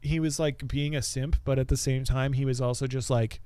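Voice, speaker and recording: A young man co-hosting a casual podcast, excitable, laughing often and swearing a lot. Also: mid-range voice, normal speed, clear, resonant tone, no room sound, studio quality. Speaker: podcast co-host. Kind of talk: casual chat.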